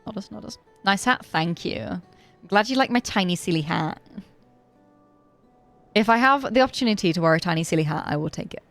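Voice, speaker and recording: A woman's voice: mid-range voice, expressive, brisk, fairly bright tone, soft background music. British woman streamer reading game dialogue. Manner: reads in-game dialogue aloud with playful asides and frequent laughs. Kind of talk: live gameplay commentary, reading dialogue aloud.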